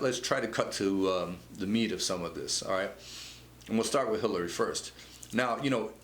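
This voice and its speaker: Man, show host, political commentary, low voice, stammering restarts, echoey room. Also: a bit bright. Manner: conversational, with frequent stammered restarts. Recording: echoey room with faint noise.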